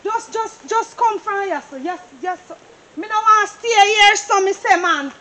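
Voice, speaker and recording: A woman's voice: very high voice, a little slow, pushed and bright, heavily acted. A woman with a Jamaican accent playing a woman who insists, over and over, on leaving a plot of land she fears, in a comedy stage play. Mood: uneasy. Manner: insistent, repeating herself, agitated.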